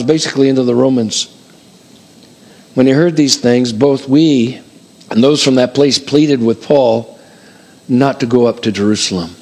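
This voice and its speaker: An older male pastor preaching a sermon in an animated, conversational way, repeating phrases for emphasis. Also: medium pitch, moderate pace, pauses often.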